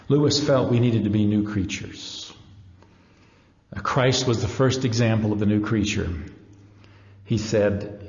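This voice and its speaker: Middle-aged guy lecturing live, earnest storyteller, lowish mellow voice, echoey hall. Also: steady tone, a little slow, pauses often, muffled recording. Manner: earnest, storytelling, reads passages aloud.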